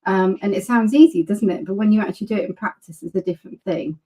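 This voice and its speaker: A woman's voice: mid-range voice, quick pace, mellow, low-quality recording. A woman hosting a webinar over a video call, gushing and enthusiastic. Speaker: webinar host.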